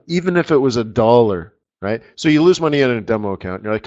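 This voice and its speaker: A man lectures through a live trading webinar, joking and rambling and tossing in "right?" after his points. His voice sits at an ordinary middle pitch. The sound is a little muffled and lo-fi. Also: animated, quick pace, hardly any pauses, a little mellow. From Canada. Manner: joking, chatty, repeats "right?" often. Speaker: forex market strategist presenting a webinar. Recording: slightly muffled webinar audio.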